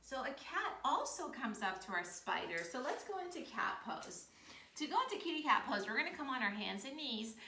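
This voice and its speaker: A woman's voice: high voice, very animated, normal speed, bright, forceful tone, slight background noise. A woman with an American accent leading a children's storytime yoga class, upbeat and encouraging with playful animal noises. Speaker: kids yoga teacher. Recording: echoey room, far from mic.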